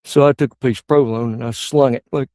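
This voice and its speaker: A middle-aged man doing stand-up, rambling through crude anecdotes and jumping into high yelps. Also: steady tone, fast talker, darkish tone, no room sound. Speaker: stand-up comedian. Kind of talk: stand-up storytelling.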